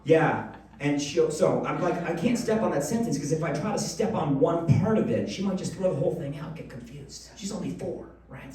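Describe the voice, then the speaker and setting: A man's voice: fairly high pitch, brisk, far from the mic. A man in his thirties performing a stand-up comedy set on a club stage, telling stories and acting out quotes with a handheld mic. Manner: animated storytelling with acted-out quotes. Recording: roomy club sound, taped from afar. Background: audience laughing.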